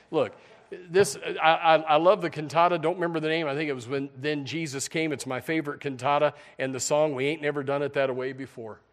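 A folksy preacher man delivering a sermon, his voice sitting a little higher than most men's. He talks plainly and casually, slipping into mocking impressions of the people he is describing. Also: a bit bright. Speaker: pastor.

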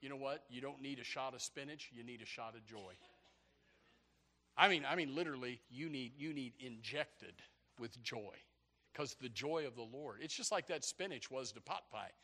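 A man preaching a sermon, animated and repetitive, with rising shouts. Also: medium pitch, moderate pace. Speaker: pastor.

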